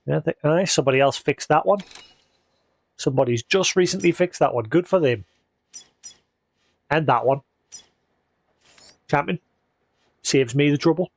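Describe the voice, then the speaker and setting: A man's voice: on the high side, normal speed, gravelly, pauses often, no echo. A man chatting casually as he streams a video game, thinking aloud in an easygoing way. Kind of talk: casual live-stream commentary.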